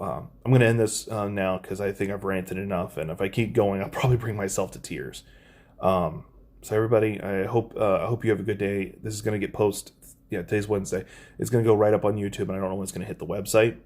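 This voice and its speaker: Earnest rambling man, low voice. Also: darkish tone. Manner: earnest, rambling, with frequent ums and self-corrections. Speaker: vlogger. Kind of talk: emotional personal plea to camera. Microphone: phone or camera mic, adjusting it while talking.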